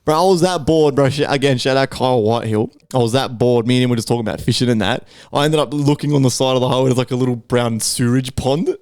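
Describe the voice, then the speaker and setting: Brief: Australian man, podcast co-host, clear smooth voice, swears freely while spinning a rambling yarn, close and dry sound. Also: medium pitch, fast talker, hardly any pauses, a little mellow, dry recording. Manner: profane, rambling anecdote full of acted-out quotes. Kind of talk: casual storytelling chat.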